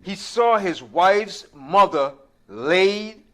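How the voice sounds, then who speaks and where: A man reading scripture aloud in a halting way, stumbling and repeating words. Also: high-pitched, expressive, a bit bright. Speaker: scripture reader.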